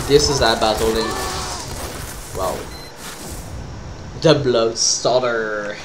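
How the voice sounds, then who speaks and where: Slow-talking French-accented man. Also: medium pitch, music in the background. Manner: rambling, with trailing fillers. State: tired. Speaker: streamer. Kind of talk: casual gameplay commentary.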